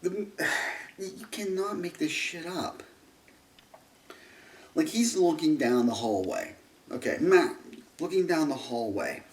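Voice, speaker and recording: A man's voice: a little high, animated, slow, long pauses. A man ranting through a film review, rambling, restarting sentences and turning sarcastic. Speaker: movie reviewer. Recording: roomy echo, distant mic.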